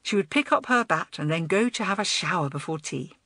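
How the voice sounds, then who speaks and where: A woman narrating a children's audiobook in an expressive, lively way. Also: on the low side, brisk, no room sound. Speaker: audiobook reader. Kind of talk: storybook narration.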